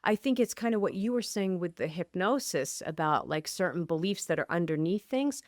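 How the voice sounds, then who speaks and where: A woman's voice: on the low side, lively intonation, normal speed, no echo, clean studio sound. A woman author and coach, a podcast guest, talking emphatically and restarting sentences eagerly. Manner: emphatic, affirms often with repeated yeses. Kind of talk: interview conversation.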